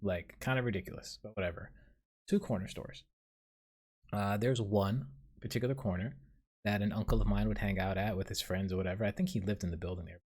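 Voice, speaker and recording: A man's voice: lowish voice, steady tone, brisk, a little mellow. A young man from New City, hosting a casual solo podcast and telling a dream in a rambling, profane, self-deprecating way. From New York City. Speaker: podcast host.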